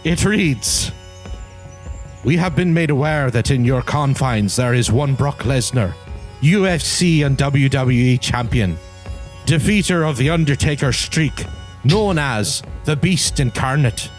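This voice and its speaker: Solemn, gentle Irish monk played by a man, lifted pitch, measured blessing-like delivery. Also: animated, faint music behind, lightly acted. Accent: put-on Irish.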